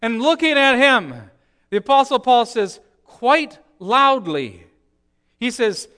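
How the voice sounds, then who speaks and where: A man preaching a sermon, telling the story with swings from hushed, slow lines to emphatic ones. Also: very high voice, expressive, clean tone.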